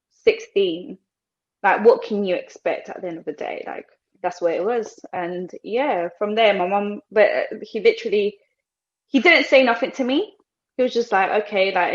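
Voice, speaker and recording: A young Colombian woman with a mid-range voice and a British English accent tells her story casually as a podcast guest, slipping Spanish phrases into her English. She's animated and acts out other people's lines. The audio has its highs cut off.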